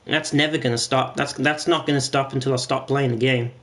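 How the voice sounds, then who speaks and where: Streaming a game, a man chats loosely with his viewers, rambling and occasionally swearing. His mid-range voice is fairly bright and fairly even in intonation, and he talks a little fast.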